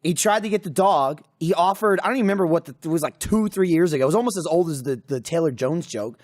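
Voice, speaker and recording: A man co-hosting a podcast in casual chat, telling stories in a profane way with shouted outbursts. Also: a little high, animated, quick pace. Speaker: podcast co-host.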